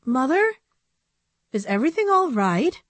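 A stern, sleepy mother from a storybook, firm but lively in pitch. A woman reader voices her. Dry, close sound. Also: unhurried, no echo.

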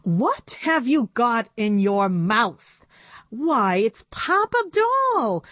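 A woman voicing an older grandmother in a storybook reading, speaking slowly and chidingly. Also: fairly high pitch, sing-song, a bit bright, no room sound, pitched above the performer's own voice, exaggerated voice. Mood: fussy.

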